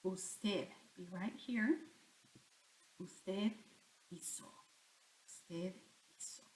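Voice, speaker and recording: A woman's voice: mid-range voice, drawn-out words, darkish tone. A woman teaching a Spanish grammar lesson, talking herself through each example and answering her own questions. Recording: echoey room.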